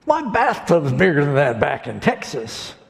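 A man voicing a boastful Texan oil rancher who brags in high shouted bursts. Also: big pitch swings, normal speed, creaky. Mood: bragging. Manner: brash bragging, high shouted outbursts. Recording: long hall reverb.

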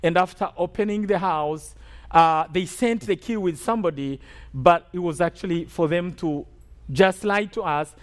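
Male preacher from Rwanda, very high voice, emphatic testimony delivery with call-and-response asides. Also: moderate pace. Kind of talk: sermon testimony.

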